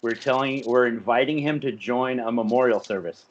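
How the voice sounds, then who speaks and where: A man's voice: medium pitch, moderate pace. A man at a tabletop game explaining a plan with an amused, teasing tone, in dull lo-fi audio. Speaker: player. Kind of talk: casual tabletop game chat.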